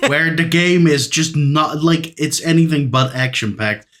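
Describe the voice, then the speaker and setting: A man's voice: a little high, a bit bright. Podcast guy, trips over his words a bit, drops f-bombs. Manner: halting restarts, casual swearing. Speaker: podcast co-host. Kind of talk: casual chat.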